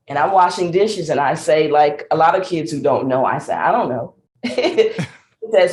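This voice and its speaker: A middle-aged Southern woman tells her life story as an interview guest, her voice sitting on the low side for a woman. She acts out the voices of other people as she goes and laughs often. The sound is roomy, with audible echo. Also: animated, normal speed, a little mellow. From Mississippi. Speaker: guest, singer and speaker.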